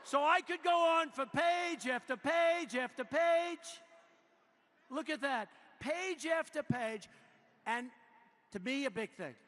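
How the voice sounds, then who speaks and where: A man's voice: extremely high pitch, lively intonation, slow pace, fairly bright tone. A man in his seventies giving a campaign rally speech in a large indoor arena, boastful and repetitive, riffing off-script into a podium mic. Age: 70s. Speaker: politician addressing a rally. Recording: echoey arena with long reverb, faint noise.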